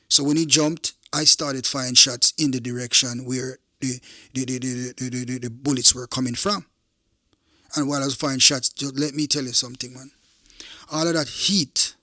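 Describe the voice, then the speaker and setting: A man's voice: mid-range voice, sharp tone, no room sound. Man, Jamaican accent, middle-aged, former cop telling his own story, emphatic, repetitive, tense voice, dry sound. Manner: intense, emphatic, repeats phrases, addresses listeners directly. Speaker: former police officer. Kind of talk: first-person recounting of a true event.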